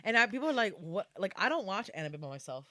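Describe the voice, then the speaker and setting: A woman's voice: fast, dry recording, clean studio sound. A woman co-hosting a podcast in casual chat, telling stories and acting out quotes in squealing voices. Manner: animated storytelling, acts out quotes in high squeals. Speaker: podcast co-host.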